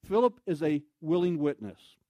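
A man preaching from the pulpit, moving from conversational storytelling to loud emphatic bursts. His voice sits a little high for a man. The sound is dry and close, with little room echo. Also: normal speed. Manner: animated storytelling, acts out voices, shouts for emphasis. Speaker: pastor. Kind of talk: sermon. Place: church sanctuary.

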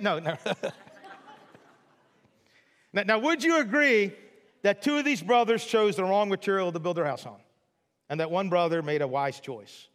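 A man's voice: high-pitched, animated, normal speed, long pauses, a bit bright, big-room sound. A male pastor preaching a sermon in a chatty, jokey storytelling way, full of asides to the audience.

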